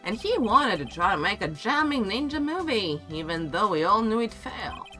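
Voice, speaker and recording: A man's voice: high-pitched, very animated, moderate pace, pushed and bright, soft background music, pitched above the performer's own voice, full character voice. A man voicing a laid-back young male actor in a courtroom game, drawling and calling everyone "dude". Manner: drawling, says "dude" a lot. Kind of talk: reading game dialogue aloud.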